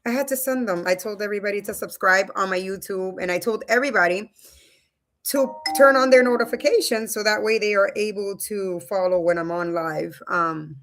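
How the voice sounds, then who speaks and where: A woman in her thirties or forties talks loosely to her live stream audience from home. Her voice is bright and forward at a middle pitch. She chats informally into a webcam and keeps calling her viewers "you guys.". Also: brisk. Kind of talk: casual live stream talk. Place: home room.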